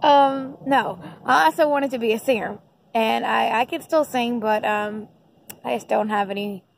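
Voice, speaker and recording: Chatty woman rambling into her phone at night, kinda high voice w lots of fry, giggles a lot. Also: moderate pace, slight background noise, low-quality recording. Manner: rambling, giggly, many fillers. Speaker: vlogger. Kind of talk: casual nighttime Q&A chat. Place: indoors at night.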